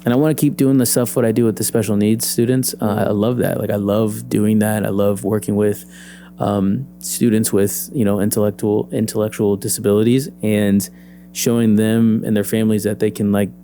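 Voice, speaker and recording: A young adult man, an actor and PE teacher, telling his story as an interview guest, lively and acting out the voices he quotes. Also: fairly low pitch, normal speed, a little hiss or hum.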